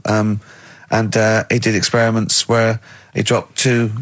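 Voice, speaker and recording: A man's voice: fairly low pitch, completely flat delivery, measured pace, no echo. A man hosting a casual radio chat, laughing often and hesitating when he explains something. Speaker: radio host. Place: radio studio.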